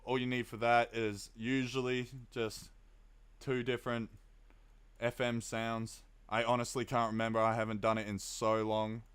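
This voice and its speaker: A young Australian man talks through his music production on a relaxed live stream, breaking off to chat and laugh. His voice is smooth and clear, at an ordinary pitch for a man, and the close mic gives a dry sound with no room echo. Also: normal speed. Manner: relaxed, chatty, reads chat aloud, laughs often. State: tired. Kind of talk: casual live-stream tutorial.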